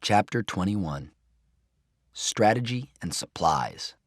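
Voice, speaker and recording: A man reading a children's novel aloud in the first person, expressive and lively. His voice is deep and moves widely in pitch. The recording is dry and close. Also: takes it slowly, breathy edge, dry recording. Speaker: audiobook reader. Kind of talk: first-person storybook narration.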